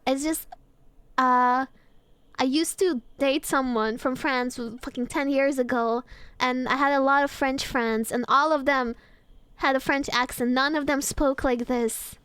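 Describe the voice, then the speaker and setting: A woman's voice: high-pitched, fairly even intonation, a little slow, a bit bright, clean tone, dry recording. A woman streamer chatting casually as she reacts to a video, laughing often and swearing freely.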